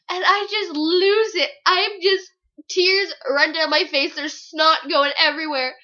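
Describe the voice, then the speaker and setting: A woman's voice: extremely high pitch, fairly even intonation, unhurried, pushed and bright, dull audio. A young woman giving a casual book review vlog, gushing, giggly and rambling.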